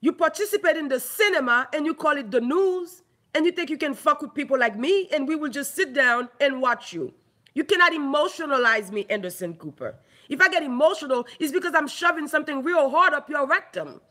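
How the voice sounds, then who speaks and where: A woman's voice: sits high, expressive, a little fast, bright, forceful tone. A Haitian woman ranting angrily into her own online video, heated, mocking and full of profanity. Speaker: online commentator. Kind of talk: angry ranting vlog.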